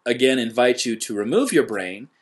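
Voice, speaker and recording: A man co-hosting a podcast in casual, skeptical chat, sardonic and debunking, with halting fillers. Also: medium pitch, sing-song. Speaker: podcast co-host.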